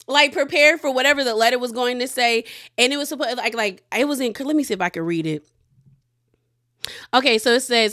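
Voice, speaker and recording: A woman's voice: high-pitched, moderate pace. A woman giving a chatty, gossipy recap of a reality TV episode, acting out the cast's lines as she retells them. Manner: chatty, gossipy, animated retelling with quoted voices. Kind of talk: casual recap commentary.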